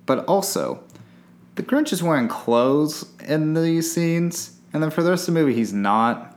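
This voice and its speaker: A man's voice: a little high, lively intonation, a little slow. A man chatting casually about a movie, chiming in with laid-back jokes. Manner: joking, laid-back interjections. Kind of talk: casual movie recap chat.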